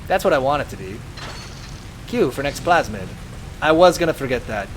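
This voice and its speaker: A young man streaming a video game, chatting casually and reading viewer messages aloud in an animated way. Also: medium pitch, moderate pace, noisy background. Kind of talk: casual live-stream chat.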